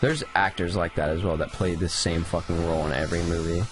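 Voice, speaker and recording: A man's voice: low voice, fairly even intonation, fast. A young man in casual gaming chat, blunt and swearing casually. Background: faint game music.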